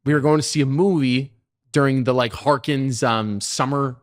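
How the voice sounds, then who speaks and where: A man's voice: medium pitch, moderate pace. A man in his twenties hosting a gaming podcast, telling stories in a rambling way with frequent restarts. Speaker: podcast host. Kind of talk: casual chat.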